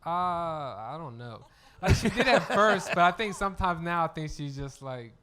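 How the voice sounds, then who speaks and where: A stand-up comedian, a man with a fairly high voice, talks as a guest on a live comedy stage. He tells stories about his family in a loose, laughing way. He acts out what people said and swears freely. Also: expressive, normal speed, sharp tone. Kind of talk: casual storytelling chat.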